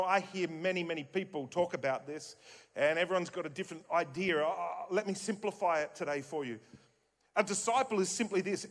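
A man's voice: on the high side, a bit bright. A man with an Australian accent preaching a sermon in a church, emphatic and repetitive with joking asides. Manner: emphatic, repeats key phrases, jokey asides. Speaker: pastor. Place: church auditorium. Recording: long hall reverb in a church.

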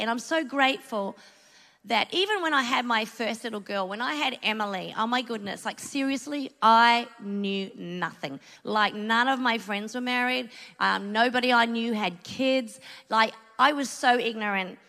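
A woman's voice: a little high, moderate pace, pushed and bright. Earnest Australian woman preaching in a hall. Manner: chatty, earnest storytelling with asides. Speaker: church speaker. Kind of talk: sermon with personal story. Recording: long hall reverb.

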